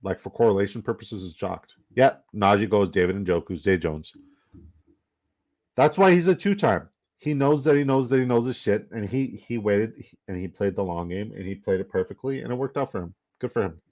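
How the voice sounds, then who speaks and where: A man's voice: fairly low pitch, moderate pace, darkish tone. A man chatting casually and profanely on a live stream while drafting fantasy football, joking and laughing as he trash-talks the other players.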